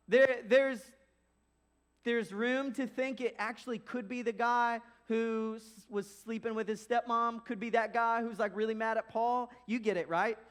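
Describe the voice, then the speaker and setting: A young man preaching a casual, lively sermon as pastor, acting out quoted voices as he goes. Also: extremely high pitch.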